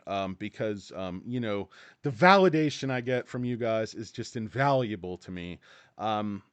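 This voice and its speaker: A man's voice: lowish voice, lively intonation, moderate pace, a bit bright, clear, resonant tone, dry recording. A man hosting a casual stock-market livestream, rambling and joking as he talks straight to his chat.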